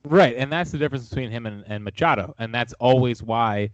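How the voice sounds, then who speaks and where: A man's voice: medium pitch, a little fast, no room sound. A man, a guest on a podcast, in casual sports chat, opinionated and enthusiastic. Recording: dull lo-fi recording.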